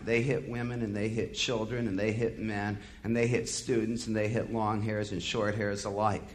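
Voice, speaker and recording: A man telling a first-person story as a dramatic monologue, impassioned, bitter and profane. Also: lowish voice.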